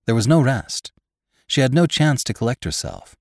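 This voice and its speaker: A man narrating a classic story in a measured, expressive reading. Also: medium pitch, dry recording, studio quality. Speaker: podcast narrator.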